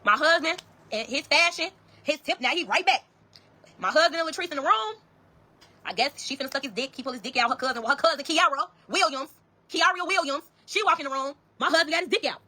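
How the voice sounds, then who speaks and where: High, fast-talking woman telling a story. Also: lively intonation, pushed and bright. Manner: profane, emphatic, addresses listeners as y'all. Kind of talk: casual storytelling to viewers.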